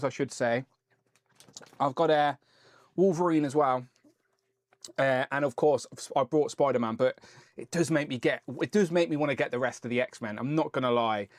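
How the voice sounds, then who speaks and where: A man's voice: medium pitch, dry recording. A man hosting a casual live stream, chatting and rambling as he reads out viewer messages.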